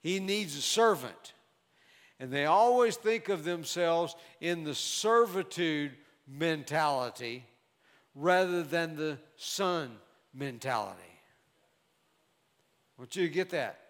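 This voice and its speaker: Male preacher, high voice, measured emphatic sermon delivery, long hall reverb. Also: animated. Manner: measured, emphatic Bible exposition.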